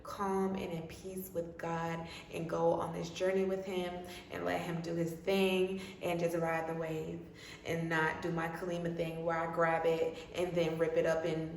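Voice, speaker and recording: A young woman talking to camera at home, spinning a personal story with slangy, animated chatter and acting out each side of her phone calls. Her voice rings around a roomy space, picked up from some way off the mic. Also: on the low side, slight background noise. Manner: chatty, expressive, slangy, acts out both sides of phone calls. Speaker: vlogger. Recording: roomy sound from a distant mic.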